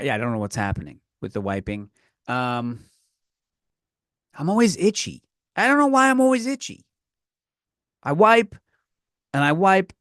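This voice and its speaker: A man's voice: mid-range voice, no echo. Profane ranting man, dry sound. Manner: profane, rambling, swings from loud to quiet. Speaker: podcast host. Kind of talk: comedic rant.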